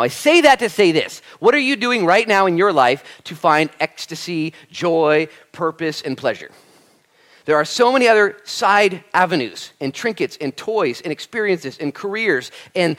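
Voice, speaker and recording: A man preaching as a pastor, talking energetically and conversationally to his congregation. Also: sits high. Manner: energetic, conversational preaching with animated quoted asides. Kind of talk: sermon.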